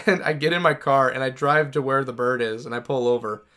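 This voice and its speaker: This gaming streamer, a man with a mid-range, slightly bright voice, talks a little fast as he plays. He drifts through a long, loose story, often starting sentences over and cursing without restraint.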